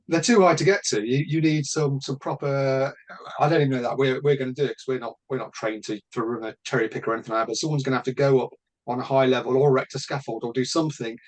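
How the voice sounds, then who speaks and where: A man's voice: medium pitch, steady tone, quick pace. A man from Britain talking casually as a podcast host, bluntly and with frequent swearing and restarts.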